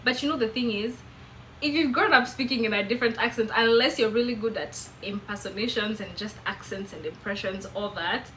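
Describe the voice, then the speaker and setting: Bright-voiced Kenyan woman vlogging. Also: fairly high pitch, fairly quick, a little hiss or hum, low-quality recording. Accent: Kenyan English. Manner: chatty, animated, self-mocking. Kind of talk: casual storytelling to camera.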